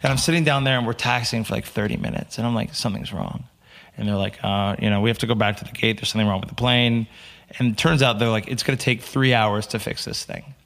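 A man's voice: medium pitch, fast talker, gravelly. A young man from the United States, a podcast guest telling stories in casual chat and acting out the people he quotes. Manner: animated storyteller, acts out quotes. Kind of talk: casual storytelling interview.

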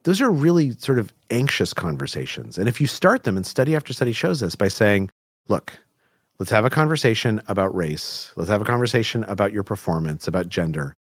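Animated man explaining communication research. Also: lowish voice, brisk, husky, no room sound, studio quality. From Albuquerque, New Mexico, US. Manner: explanatory, animated, frequent "right?" and "like". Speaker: guest expert on communication. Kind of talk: conversational interview.

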